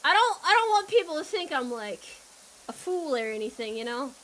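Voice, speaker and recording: A woman's voice: high-pitched, big pitch swings, brisk, sharp tone, slight background noise. A young woman streamer chatting casually with her viewers while she plays, rambling and joking and laughing often.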